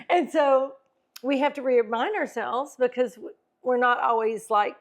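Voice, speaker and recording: A middle-aged woman co-hosting a casual faith and wellness talk show, animated, acting out tones of voice and laughing often. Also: high voice, measured pace. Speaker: podcast co-host.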